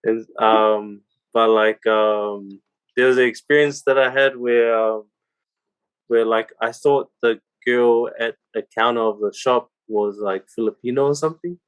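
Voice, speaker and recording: Man, podcast co-host, casual chat, laughs a lot, many fillers, slightly low voice. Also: fairly even intonation, measured pace, a bit bright, smooth, rough recording.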